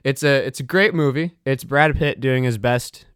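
A man's voice: mid-range voice, normal speed, fairly bright tone, smooth, dry recording, clean studio sound. A young man co-hosting a casual movie podcast, chatting and joking in a laid-back way. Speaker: podcast co-host. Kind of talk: casual chat.

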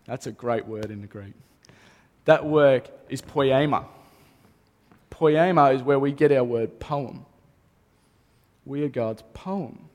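A man's voice: mid-range voice, slow pace, long pauses, a little mellow. A man, a pastor, preaching a sermon earnestly and repeating key phrases for emphasis. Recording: long reverb of a hall.

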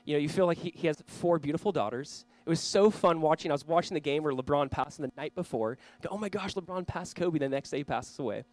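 A man in his thirties from Southern California, preaching a sermon in a conversational storytelling manner, reading scripture loudly and praying quietly. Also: on the high side, quick pace, hardly any pauses, dry recording. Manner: earnest, conversational, swings from loud reading to quiet prayer; storytelling with self-deprecating asides. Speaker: pastor.

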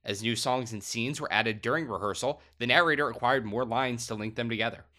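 A man co-hosting a podcast, reading narration in an even, measured way. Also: medium pitch. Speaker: podcast co-host.

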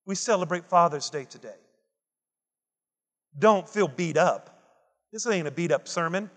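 A man's voice: high voice, fairly bright tone, in a large hall. A man preaching a Father's Day sermon, emphatic and repetitive, building intensity as he quotes scripture. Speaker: pastor.

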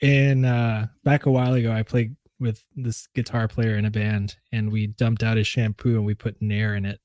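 A man co-hosting a casual podcast chat, sounding relaxed and keen, often trailing off and restarting his sentences. His voice is dark and mellow, recorded dry and close with no room sound. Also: lowish voice, moderate pace, no room sound. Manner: relaxed, enthusiastic about watches, trailing restarts. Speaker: podcast co-host.

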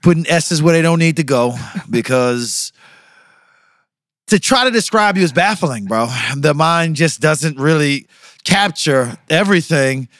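Playful higher-voiced man hyping a friend. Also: lively intonation, a little slow, a bit bright, dry recording, studio quality. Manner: playful, hyped, drops to low mock-solemn tones. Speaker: podcast co-host. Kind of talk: joking casual chat.

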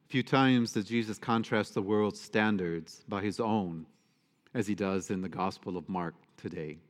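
A man, a priest, giving a conversational homily to his congregation, with fillers and asides. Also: mid-range voice. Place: church. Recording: long church reverb.

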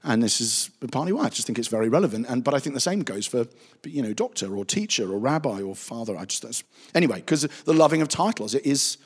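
A man, a pastor giving a chatty, anecdotal Bible teaching with animated asides. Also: mid-range voice, quick pace, slightly rough. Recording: reverberant hall.

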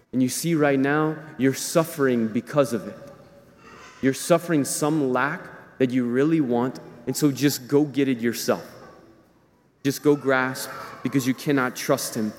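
A man giving a conversational sermon as a priest, acting out inner voices to make his points. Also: fairly high pitch. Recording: long reverb of a large hall.

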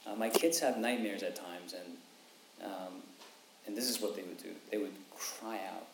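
A man, a father with young kids, preaching a sermon in an animated way, repeating phrases for emphasis and acting out quotes. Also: low voice, normal speed, noisy background. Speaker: pastor. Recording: echoey room, faint ambience.

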